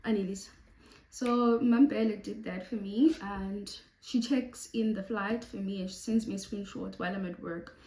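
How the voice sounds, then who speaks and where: A young South African woman telling a story to camera in a lively storytime vlog, slipping between Xhosa and English. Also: medium pitch, roomy sound, slight background noise, poor audio. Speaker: YouTuber.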